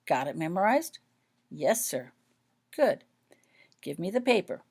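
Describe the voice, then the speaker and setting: A woman voicing a calm, firm adult wizard and father in a storybook reading. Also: on the low side, measured pace, husky, full character voice.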